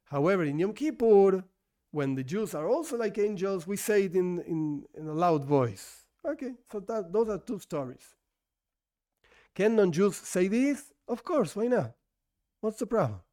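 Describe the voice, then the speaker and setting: A man's voice: high voice, very animated, unhurried, warm tone. A man whose first language is not English, teaching an informal Torah lesson in a conversational way that corrects itself as he goes and asks and answers his own questions.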